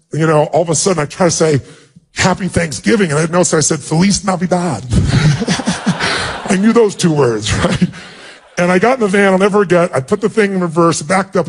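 Husky-voiced man telling an emotional story. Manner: emotional, animated storytelling, rising in pitch when stirred. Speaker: motivational speaker. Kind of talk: motivational speech with personal storytelling.

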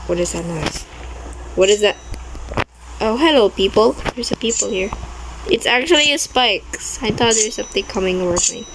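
A woman's voice: medium pitch, expressive, normal speed, background noise. A young woman commenting on her own gameplay, easily startled, with frequent exclamations and non-native English grammar. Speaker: gaming video creator.

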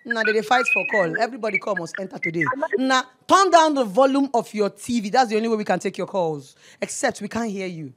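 A woman's voice: mid-range voice, expressive, fast, few pauses, a bit bright, slight background noise. A Nigerian woman in her thirties hosting a live call-in show, effusive and affectionate, calling callers darling and mixing in Pidgin. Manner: effusive, mixes Pidgin, calls everyone darling. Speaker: radio show host taking calls.

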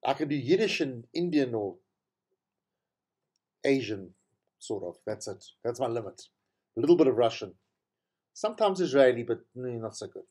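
A middle-aged man rambles through a casual solo monologue, correcting himself as he goes. His pitch swings animatedly from phrase to phrase, and his tone stays warm and mellow. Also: expressive, moderate pace, long pauses, breathy edge. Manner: chatty and rambling, with frequent self-corrections. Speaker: show host.

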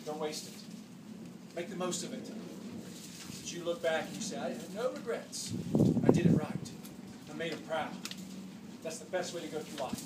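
A man in his forties giving an earnest, animated motivational talk to children as a swim clinic coach, dropping soft and then bursting loud, in a large indoor pool hall. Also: high voice. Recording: echoey, distant, noisy hall.

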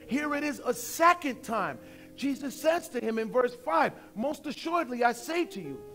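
A man in his forties preaching a sermon as pastor, conversational and emphatic, slowing down to stress points. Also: very high voice, fairly bright tone. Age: 40s.

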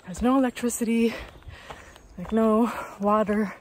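A woman's voice: on the high side, steady tone, a little slow, a little hiss or hum. A young woman from Canada chatting upbeat to her camera outdoors on a hiking trail, telling a story with lots of fillers. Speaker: hiker vlogger. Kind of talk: casual chat to camera.

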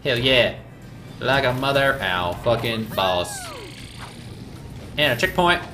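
A man hosting a let's play with loud, profane, rowdy outbursts and game audio behind him. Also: medium pitch, very animated, takes it slowly. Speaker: gaming channel host. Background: game audio and music.

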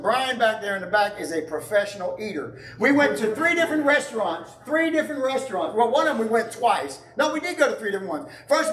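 A male pastor with a high voice delivers a sermon, conversational and emphatic, sliding easily into homely stories. He is picked up from some way off, and the church around him rings with echo. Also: a bit bright, a little hiss or hum. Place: church sanctuary. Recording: echoey church from far off.

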